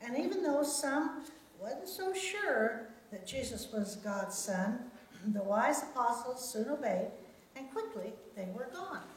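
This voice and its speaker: A woman leading a children's sermon, reading a Bible story and gently asking the children questions. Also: a little high, big pitch swings, slow, far from the mic. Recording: very echoey room.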